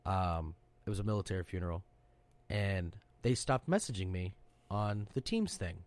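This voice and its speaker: Brash male podcast host, animated profane storyteller, very lively pitch. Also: normal speed, no room sound. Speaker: podcast host, serving sailor. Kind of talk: casual storytelling chat.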